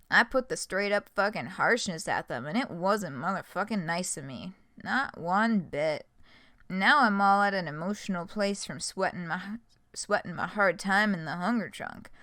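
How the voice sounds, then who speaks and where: Here is a vulgar, rambling troll clown who swears in every breath and drags out his sorry confession. A woman puts him on, pushing her voice a bit lower. The sound is dry and close, with no room around it. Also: sharp tone, no room sound. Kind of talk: reading a web comic aloud on stream.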